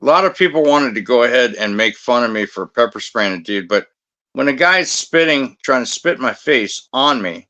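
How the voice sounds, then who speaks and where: A man's voice: mid-range voice, expressive, brisk, hardly any pauses, fairly bright tone. A man in his fifties who works as a security guard, telling a story in blunt, profane, combative casual talk. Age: 50s.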